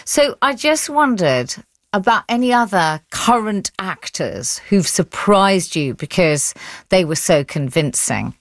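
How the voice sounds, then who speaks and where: A woman from India presenting an arts radio show, lively and conversational. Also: medium pitch, measured pace, no echo, studio quality. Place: radio studio.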